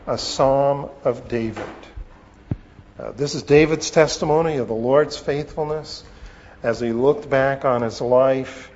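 Slow-speaking man preaching in a reverberant hall. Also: mid-range voice, slight background noise. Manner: slow, deliberate delivery with pauses and fillers. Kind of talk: expository Bible teaching. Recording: long reverb, dull lo-fi sound.

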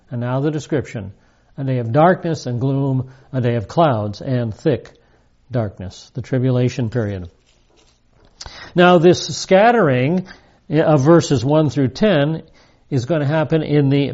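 Guy teaching bible verse by verse, warm mellow voice, bit dull lo-fi recording. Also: medium pitch. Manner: reads scripture then explains it plainly, with restarts and emphatic stresses.

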